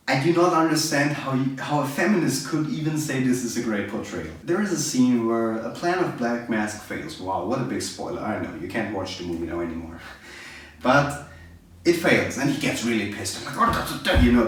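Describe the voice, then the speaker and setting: Sarcastic man ranting in an echoey room. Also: mid-range voice. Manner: sarcastic, exasperated, animated. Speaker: movie reviewer. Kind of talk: casual opinionated rant. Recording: very echoey room, distant mic.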